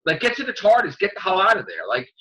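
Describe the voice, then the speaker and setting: A man's voice: high voice, huge pitch swings, fast talker, pushed and bright. A man co-hosting a casual fan podcast, ranting with lots of fillers, restarts and swearing. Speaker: podcast co-host. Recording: dull lo-fi podcast audio.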